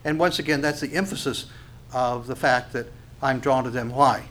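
A pastor with a mid-range, fairly bright voice preaches at a moderate pace. He reads scripture, poses questions and answers them himself, and repeats phrases for emphasis.

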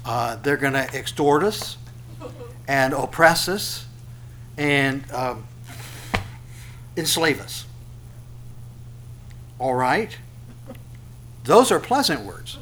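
A man preaching a sermon, animated, asking rhetorical questions and repeating phrases for emphasis. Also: mid-range voice, very slow, long pauses, slight background noise. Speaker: pastor.

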